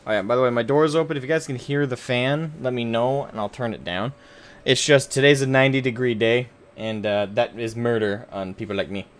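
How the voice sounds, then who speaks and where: This brisk, smooth, medium-pitched voice belongs to a man from the United States. He chats casually with viewers while streaming a game live, rambling along, correcting himself, and trading jokes with the chat.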